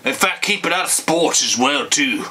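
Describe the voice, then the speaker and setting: A man's voice: fairly high pitch, animated, normal speed, pushed and bright. A man giving a rambling, profane comic rant to camera, slurring and emotional like a drunk, calling his audience folks. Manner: rambling, profane, repeats "folks" and "you bastards". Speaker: comedy vlogger.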